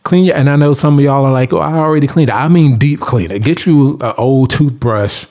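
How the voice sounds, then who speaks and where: A man's voice: medium pitch, moderate pace, mellow. A man giving blunt household and hygiene tips in a casual monologue, preachy and emphatic, repeating himself for stress, in informal Southern US speech.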